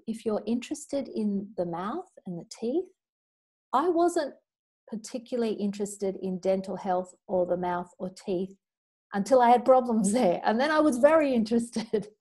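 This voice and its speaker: A middle-aged woman leading a healing class, telling stories in an earnest, chatty way and rattling off clearing statements. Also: on the high side, expressive, darkish tone. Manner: earnest, chatty, storytelling, with quick recited formulas. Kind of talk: spoken teaching talk with clearing statements.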